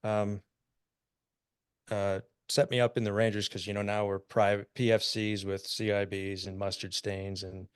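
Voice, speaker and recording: A man's voice: fairly low pitch, flat delivery, normal speed, smooth, no echo, studio quality. Laid-back American man in his fifties. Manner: laughs often while telling war stories. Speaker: podcast guest, army veteran. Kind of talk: casual storytelling.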